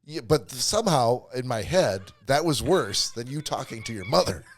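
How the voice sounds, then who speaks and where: A man's voice: medium pitch, expressive, moderate pace. A man co-hosting a podcast, trading rambling, teasing jokes in casual comedic banter. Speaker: podcast co-host.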